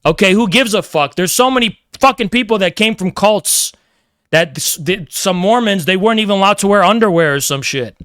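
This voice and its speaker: A man's voice: high voice, lively intonation, fairly quick, fairly bright tone, dry recording, studio quality. A man streaming a heated, profane, combative rant. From United States.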